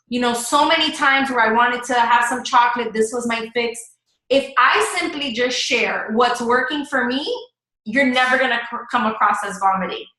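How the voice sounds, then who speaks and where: A woman talks her team through a casual live-stream coaching session, chatty and enthusiastic. Her voice sits high and sounds bright and sharp. The room around her is echoey. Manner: chatty, enthusiastic, talks straight to viewers as "guys".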